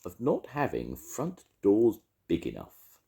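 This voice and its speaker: An older man voicing a gentle, simple-minded, greedy male bear in a storybook, innocent and earnest. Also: low voice, wildly swooping pitch, unhurried, pitched above the performer's own voice, heavily acted. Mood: flustered.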